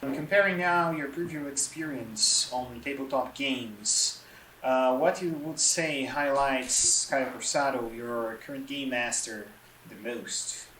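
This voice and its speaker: A man hosting an interview, asking questions in formal, slightly halting phrasing. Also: mid-range voice, sharp tone. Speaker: interview host. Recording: echoey room with faint noise.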